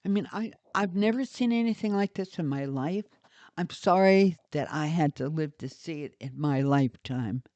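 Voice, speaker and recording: A woman's voice: low-pitched, dark tone, no echo. An older woman delivering an indignant, sarcastic rant as a vlogger, scornful and blunt. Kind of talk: ranting monologue to camera. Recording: dull lo-fi recording.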